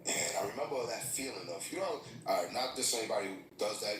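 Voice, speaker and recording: A man's voice: lowish voice, lively intonation, quick pace, fairly bright tone, reverberant, distant mic, a little hiss or hum. A man in his thirties telling a raw, emotional personal story in street slang on a livestream. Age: 30s. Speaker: livestream host.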